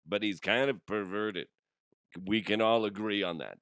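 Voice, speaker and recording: A man hosting a comedy podcast, hoarse from a cold, talking casually with lots of swearing and laughter. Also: fairly low pitch, measured pace, no room sound, studio quality. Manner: animated, swearing, laughs a lot. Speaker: podcast host.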